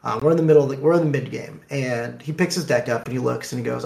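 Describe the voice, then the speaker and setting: A man telling a card tournament story in casual talk, animated, acting out the dialogue. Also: medium pitch, racing, gravelly, few pauses. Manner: animated, acts out dialogue in quotes. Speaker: card game player. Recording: echoey room.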